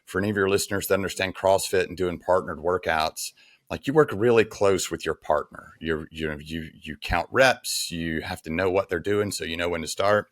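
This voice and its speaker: A man's voice: deep voice, normal speed, no echo, clean studio sound. A man in his forties, a podcast guest, telling a personal story in an earnest, frank, conversational way. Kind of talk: casual storytelling interview.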